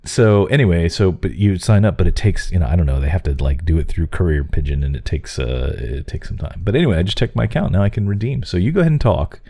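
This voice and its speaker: Male podcast co-host, low mellow voice, lively sarcastic banter. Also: fast talker, creaky, hardly any pauses, husky. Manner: teasing, sarcastic, jumps up high for jokes. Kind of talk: casual chat.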